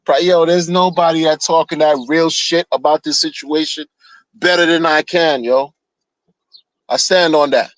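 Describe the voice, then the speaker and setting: A man's voice: a little high, steady tone, moderate pace, fairly bright tone, no room sound, rough recording. A man ranting on a live stream in a blunt, rambling way, heavy on slang and repeated phrases. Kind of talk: casual on-stream rant. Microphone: streaming mic.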